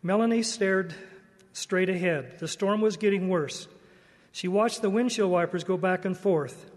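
A man giving a devotional church talk in a slow, earnest, measured way. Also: high-pitched, in a large hall, faint music behind. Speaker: church speaker.

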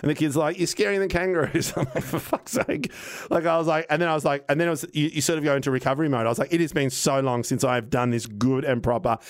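A man's voice: on the high side, racing, few pauses. Man telling a rambling story. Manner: animated, rambling anecdote with acted-out quotes and swearing. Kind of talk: casual storytelling chat.

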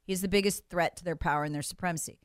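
A woman's voice: on the low side, fairly even intonation, racing, smooth, no echo. Woman radio host, fiery and emphatic, dry close studio sound. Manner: impassioned, emphatic, mocking. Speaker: radio talk show host. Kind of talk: political talk radio commentary.

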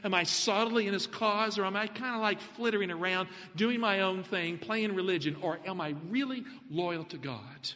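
A man preaching a sermon, animated, putting questions to the congregation. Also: high-pitched, normal speed, few pauses, big-room sound.

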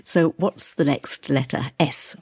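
A woman's voice: low voice, slow pace, a little mellow, slightly rough. A woman hosting an interview, steering with brief questions. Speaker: host. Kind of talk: interview host.

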